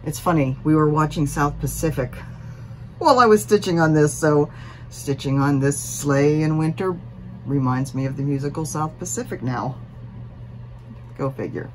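A woman with a notably low voice chats to her viewers in a relaxed, rambling way, full of fillers and self-deprecating asides. She is recorded at home, with a faint hiss of room ambience behind her. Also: moderate pace. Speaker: cross stitch vlogger. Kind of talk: casual chatty vlog.

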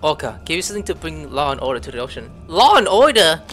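A man's voice: medium pitch, racing, fairly bright tone, faint music behind. A man giving casual let's-play commentary, thinking aloud and breaking into sudden surprised outbursts. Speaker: gameplay commentator.

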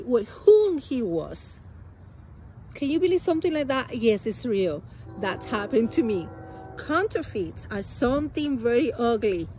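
With a fairly high, slightly mellow voice, an earnest adult woman shares a personal testimony. She comes from a Spanish-speaking country, Spanish is her first language, and her storytelling is halting and emotional.

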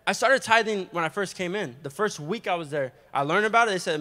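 A young adult man preaching a testimony sermon in a church, animated and storytelling, with quick asides. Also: high-pitched. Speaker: guest preacher giving testimony. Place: church sanctuary. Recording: long hall reverb.

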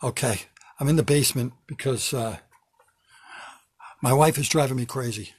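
A man's voice: mid-range voice, normal speed, breathy edge, no room sound, studio quality. An older man, a comedian, delivering a kvetching, self-mocking comedy rant from his basement at home. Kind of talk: stand-up comedy monologue.

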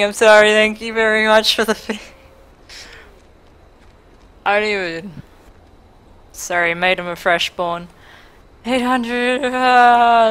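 A young woman chats on her live stream while she plays, her voice sitting a bit high. She is excitable, laughs easily and swears freely. Loud game music plays underneath her. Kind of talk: casual live-stream chat while gaming. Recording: game music playing loudly behind.

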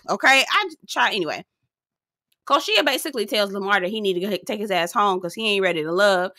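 A woman hosting a casual reality TV recap, sassy and animated, swearing freely as she talks straight to her viewers. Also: medium pitch, brisk, no room sound, studio quality.

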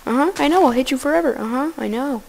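Woman doing casual game commentary, kinda high voice with a gravelly fry, goofy and excitable. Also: quick pace, background noise. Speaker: gameplay commentator.

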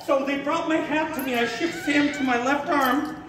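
A man giving a live talk as a raptor handler to an audience, an animated storyteller who acts out the voices and shouts in his story. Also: extremely high pitch, moderate pace, noisy background. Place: hotel event room with an audience. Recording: echoey hall, far from the mic, crowd audible.

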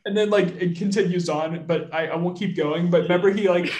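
A man's voice: sits high, a little fast, a little mellow, reverberant. A man hosting a podcast in casual discussion, rambling with many fillers and frequent laughs. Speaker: podcast host.

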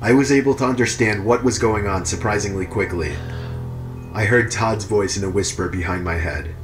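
A man with a fairly low voice narrates true horror stories in a steady, measured way. Soft music plays faintly behind him. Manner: even, measured storytelling. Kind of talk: scripted narration.

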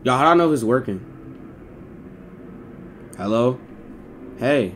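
A man's voice: mid-range voice, expressive, a little slow, slight background noise. A man livestreaming, chatting casually to his viewers in rambling slang full of swearing.

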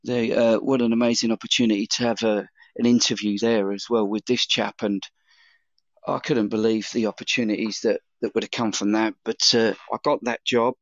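A chef telling long anecdotes in a casual interview, with many fillers and restarts. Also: male voice, fairly low pitch, flat delivery, normal speed, dry recording, highs cut off. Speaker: chef guest.

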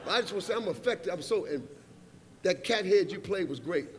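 A man's voice: high-pitched, animated, a little fast. A middle-aged man presenting at an awards show, riffing playfully and teasing the musicians in a rambling stand-up style. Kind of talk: comedic stand-up riffing from the stage. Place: large awards hall, live audience.

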